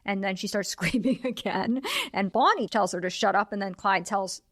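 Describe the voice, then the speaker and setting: A woman's voice: medium pitch, moderate pace, dry recording, clean studio sound. Woman on a movie podcast, walks through scenes and quotes the characters, easy chatty talk. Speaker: podcast co-host. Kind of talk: casual film discussion.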